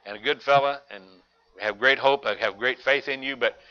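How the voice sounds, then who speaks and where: A man's voice: medium pitch, normal speed, natural voice. A man voicing a weary adult fisherman who is blunt and doubtful, in a folksy, exasperated way. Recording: dull lo-fi recording.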